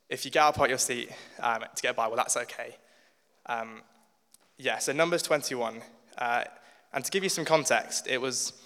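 A young man giving a relaxed, informal sermon in a church and reading scripture aloud, with many ums. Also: mid-range voice, clear, resonant tone. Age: young adult. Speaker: church speaker. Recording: long church reverb.

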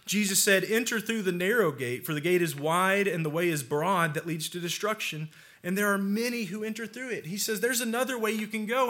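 A young man preaching a sermon, reading scripture aloud and stressing key phrases slowly and earnestly. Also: sits high, bright, forceful tone.

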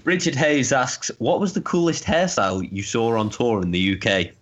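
A man's voice: mid-range voice, normal speed. A man co-hosting a casual podcast, reading out fan questions and teasing his partner with jokes and swearing.

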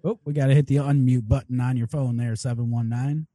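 Mellow-voiced male co-host. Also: medium pitch, steady tone, fairly quick, no room sound, studio quality. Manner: upbeat, laughs often, jokey. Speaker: talk show co-host. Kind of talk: casual radio show hosting.

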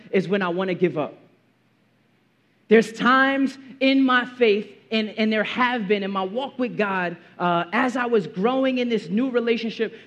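A man's voice: extremely high pitch, dull audio. A young man preaching a sermon in a casual, slangy way, now and then acting out a movie scene. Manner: casual slang, animated, acts out movie quotes. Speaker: pastor.

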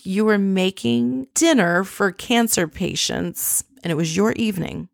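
A woman recapping a reality show for her viewers in an animated, gossipy way, swearing casually as she tells the story. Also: fairly low pitch, dry recording, studio quality.

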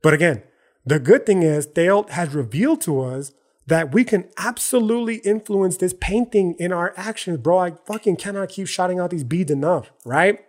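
Podcast host, man with a slightly high voice, casual and profane, punchy slang, keeps checking in with "right?". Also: animated, normal speed. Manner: frequent "right?" and "okay?" tags. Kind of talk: casual solo podcast monologue.

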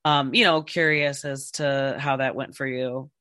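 A woman's voice: rumbling low, steady tone, a little slow, bright, forceful tone, no room sound, studio quality. A woman hosting a podcast interview, talking in a rambling, casual way with many fillers and restarts. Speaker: podcast host.

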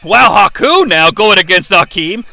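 A man hosting a live watch-along of a wrestling match, calling the action in an excitable, profane way. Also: sits high, normal speed, gravelly, dry recording. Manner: excitable, profane, yelling play-by-play. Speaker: host.

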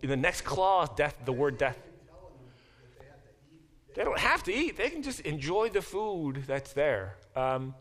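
A middle-aged man teaching a class, explaining with lively examples and frequent restarts. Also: fairly high pitch, measured pace, long pauses. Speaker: professor teaching a Bible class. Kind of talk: classroom lecture.

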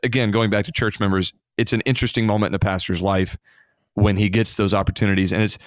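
A man, a pastor, hosting a discussion and telling lively anecdotes from church life. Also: fairly low pitch, quick pace, dry recording, studio quality. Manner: friendly, animated when acting out anecdotes. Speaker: pastor and podcast host. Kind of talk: hosted discussion.

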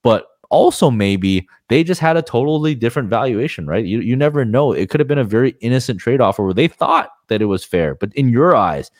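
A man's voice: medium pitch, big pitch swings, fairly quick, hardly any pauses, no room sound, clean studio sound. A man talking as a guest on a podcast, frank and rambling, swearing casually as he explains his points.

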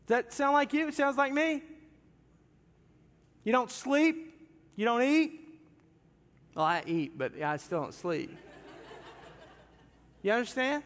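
A man preaching a sermon in a church, impassioned, moving from loud cries down to hushed, quiet passages. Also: very high voice, big pitch swings, unhurried, pauses often. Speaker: pastor. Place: large church sanctuary. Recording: long reverb of a big hall.

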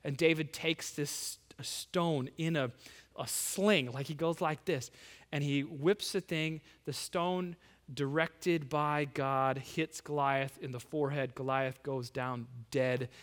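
Male preacher, animated storytelling sermon, bright tone, long hall reverb. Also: fairly high pitch, slow pace. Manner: animated storytelling, casual slang.

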